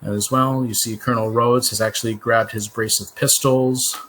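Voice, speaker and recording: A man narrating as game master, relaxed and explanatory, with frequent fillers. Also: mid-range voice, moderate pace, slight background noise.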